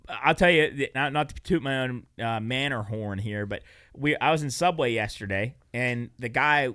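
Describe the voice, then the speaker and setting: A man's voice: medium pitch, moderate pace, pushed and bright, clean tone, no echo, clean studio sound. A man co-hosting a podcast, telling rambling, self-deprecating stories in casual chat. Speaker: podcast co-host.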